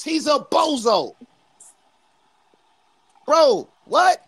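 A man from New York with a New York accent, trash-talking loudly and boastfully as a guest on a livestream call. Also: extremely high pitch, lively intonation, slow, pauses often. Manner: brash, boastful, loud. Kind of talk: heated livestream trash talk.

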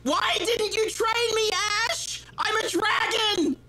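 Charizard, a crude Australian dragon. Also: male voice, very high voice, slow pace, bright, forceful tone, heavily acted. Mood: panicked. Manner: crude, swearing, slangy. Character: foul-mouthed lazy Australian male dragon.

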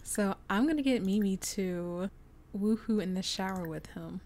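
Chatty, excitable young woman gamer. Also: medium pitch, normal speed, a little hiss or hum. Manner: chatty, excitable, gushing asides. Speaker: gameplay commentator. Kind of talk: casual gameplay commentary.

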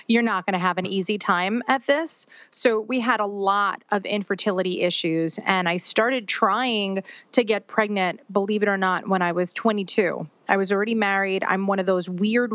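A woman's voice: medium pitch, fairly bright tone, dry recording. Chatty New woman, dry dull sound. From New York. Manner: chatty and candid, laughs often, acts out quoted voices. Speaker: guest, author and twins parenting founder. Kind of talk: casual podcast interview storytelling.

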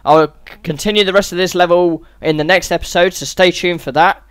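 Male let's-play host, slightly high voice, sweary and exasperated, dry close sound. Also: fairly even intonation, brisk, fairly bright tone, smooth, no echo. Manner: sweary, exasperated running commentary. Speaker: gaming channel host. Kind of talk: let's-play game commentary.

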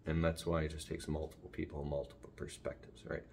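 A man's voice: very deep voice, level tone, a little fast, a little mellow, slight background noise. A man vlogging casually about his dog, talking in a rambling way, jumping off topic and restarting sentences, filmed on a phone at home. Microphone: phone camera.

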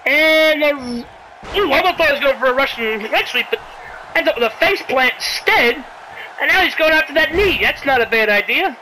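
A game commentator calling a wrestling video game play by play, excitable, sarcastic, yelling at big moves and pleading with the wrestlers. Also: sits high, normal speed, slight background noise, rough recording. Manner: sarcastic asides and mild swearing.

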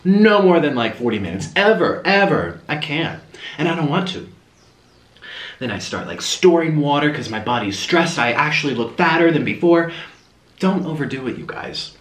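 A young man rambling through a casual eating-show chat, his voice sitting a little high and swinging up and down a lot. He talks between bites in a room that gives back a noticeable echo. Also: animated, normal speed. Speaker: mukbang host. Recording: roomy echo.

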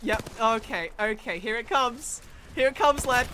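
A woman giving excitable, frantic gameplay commentary, often breaking into laughs. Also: fairly high pitch, a little slow, a little hiss or hum. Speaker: gaming video creator. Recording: gunfire and game sounds behind voice. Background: game gunfire and effects.

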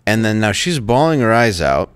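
Low-voiced man telling a story, halting. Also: big pitch swings, clear, resonant tone, dry recording, studio quality. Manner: halting, repeats words, quotes others. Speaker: show regular telling a story. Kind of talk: casual storytelling chat.

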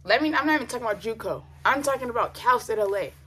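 A woman's voice: a little high, expressive, rapid-fire, bright, forceful tone, breathy edge. Young woman vlogger, emotional faith testimony, casual and repetitive, near tears, bedroom. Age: young adult. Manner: earnest, repeats phrases, casual slang and fillers. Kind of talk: personal faith testimony vlog. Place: her bedroom.

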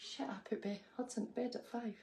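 A woman's voice: fairly high pitch, fairly even intonation, quick pace, creaky, dark tone, roomy sound, a little hiss or hum. A young adult woman in casual, teasing banter, reviewing a shopping haul with her wife at home. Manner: teasing, giggly.

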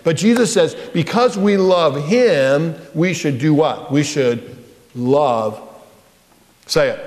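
A man's voice: mid-range voice, takes it slowly, a little mellow. A male pastor leading a children's lesson in a church, coaxing the children to repeat lines after him in call-and-response. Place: church sanctuary. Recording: church hall reverb.

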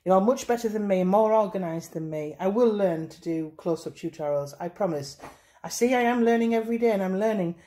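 A woman's voice: mid-range voice, fairly quick, dark tone. A woman hosting a casual baking tutorial, chatty and self-deprecating, often dropping to a murmur as she works. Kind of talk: casual hands-on demonstration.

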